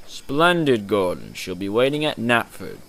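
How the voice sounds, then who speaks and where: A man voicing a self-important railway boss who speaks in a booming, formal way. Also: big pitch swings, unhurried, gravelly, fairly bright tone, exaggerated voice. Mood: grand.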